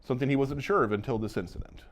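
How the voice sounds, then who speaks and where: A man co-hosting a podcast, retelling a novel's scenes in casual chat and acting out the characters' lines. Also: medium pitch. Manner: animated, acts out characters' lines in quick voices. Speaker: podcast co-host.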